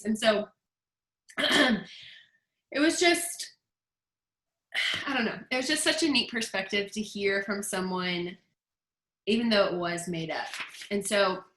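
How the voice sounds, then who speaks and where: A woman in her thirties, leading her team, gives a chatty, emphatic motivational talk about a book. Her medium-pitched voice is pushed and bright at a moderate pace, recorded in an echoey room.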